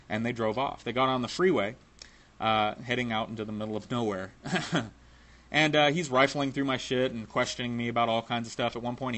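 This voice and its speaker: A man's voice: on the low side, fairly bright tone. A man telling a personal story in a casual, profane way, laughing now and then.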